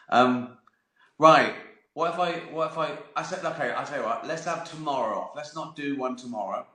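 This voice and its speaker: A man's voice: medium pitch, expressive, a little fast, sharp tone. A man in his fifties hosting his own live stream, telling rambling anecdotes with frequent laughs and free swearing. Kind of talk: casual storytelling chat. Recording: roomy echo.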